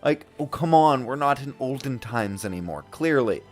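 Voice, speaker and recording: A man's voice: medium pitch, very animated, measured pace, few pauses, faint music behind. A man streaming a game and chatting casually, laughing often and swearing now and then. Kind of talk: casual commentary while gaming.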